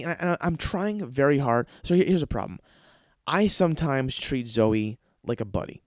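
A man hosting a podcast, telling long rambling stories in a casual, profane way, often breaking into high-pitched voices to act out other people. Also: lively intonation, moderate pace, a little mellow, no room sound, studio quality. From lives in Los Angeles. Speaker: podcast host. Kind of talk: casual storytelling monologue.

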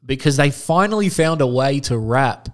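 A man's voice: mid-range voice, lively intonation, normal speed. A young man, chatting bluntly and casually with slang and swearing. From Australia. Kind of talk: casual podcast chat.

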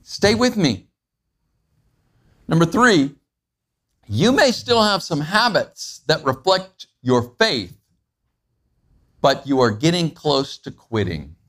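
A man's voice: slow pace, pauses often. A man preaching a sermon in a conversational way, asking his listeners questions and acting out everyday moments. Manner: acts out everyday moments with animated pitch jumps. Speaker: pastor.

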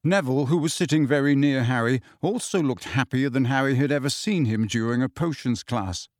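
A man reading audiobook narration in a measured, even storytelling manner, close to the mic. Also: mid-range voice, no echo. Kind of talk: scripted narration.

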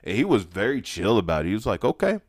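Male podcast host with a lowish voice, recorded dry, ranting through personal stories with lots of swearing and rising excitement. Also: quick pace, no room sound. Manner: profane, animated, loud when excited. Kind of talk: ranty personal storytelling monologue.

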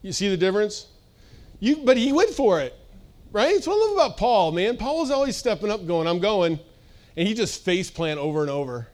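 Man preaching to a congregation, chatty and animated, voice slightly high. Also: fairly quick. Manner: casual, animated, acts out voices, laughs often. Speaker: pastor. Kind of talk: sermon. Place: church service.

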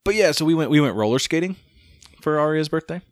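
A man's voice: a little high, expressive, fast talker, no echo. Dry-voiced man chatting, stammering restarts. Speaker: podcast co-host. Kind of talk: casual chat.

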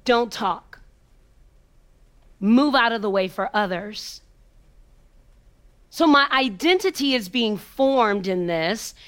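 A woman motivational speaker recounts a personal story in a fairly high voice. She takes her time, leaning on repetition and dramatic pauses. At tender moments she sinks to a hushed near-whisper. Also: lively intonation, clean tone. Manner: emphatic, repetitive rhythm.

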